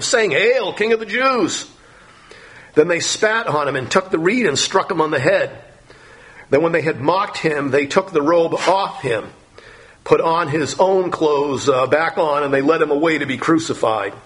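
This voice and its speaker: A man with a somewhat high voice delivers a sermon, reading scripture passages aloud and then unpacking them verse by verse. He talks in an unpolished, conversational way, with frequent fillers and restarts between the readings. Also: fairly bright tone. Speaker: preacher.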